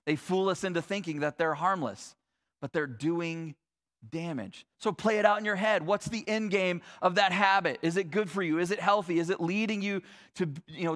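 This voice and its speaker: A man preaching with a somewhat higher voice, animated and chatty rather than formal. He moves between lively storytelling and quiet, earnest points, dropping in casual asides. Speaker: pastor. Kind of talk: sermon.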